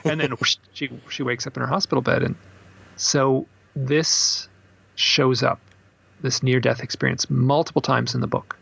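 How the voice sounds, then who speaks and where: A man, an author, telling stories in a casual interview, animated and acting out the voices of the people in them. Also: mid-range voice, moderate pace, gravelly, breathy edge, dry recording. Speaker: author and podcast guest. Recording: slightly dull, dry recording.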